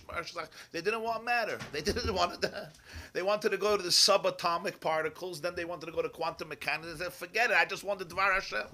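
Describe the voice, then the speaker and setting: A man teaching a Chassidic Torah class. He tells his stories with animation, weaving in Hebrew and Yiddish terms and checking in with listeners along the way. His voice sits a little high and rings bright and forceful. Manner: checks in with listeners, asking "yeah?".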